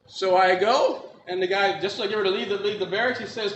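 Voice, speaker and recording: A man's voice: high voice, a little fast, fairly bright tone, a little hiss or hum. A man from Milwaukee giving a personal testimony, acting out the voices of the people in his story. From Milwaukee, Wisconsin. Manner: acts out dialogue in quotes, laughs at his own story. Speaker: testimony speaker. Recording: echoey room with faint ambience.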